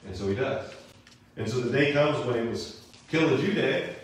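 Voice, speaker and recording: Man, bible class teacher, animated casual storytelling, very echoey room, distant mic. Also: medium pitch, normal speed, a little hiss or hum. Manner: animated, casual, acts out characters. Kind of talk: lively storytelling lesson. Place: church classroom.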